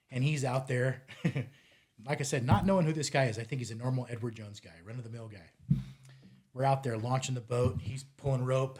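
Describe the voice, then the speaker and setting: A man in his forties who owns a fly shop and guides fishing trips, telling a story casually on a podcast and acting out the dialogue. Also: medium pitch. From United States. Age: 40s. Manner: animated, acts out quoted dialogue, drops to near-mutter at times.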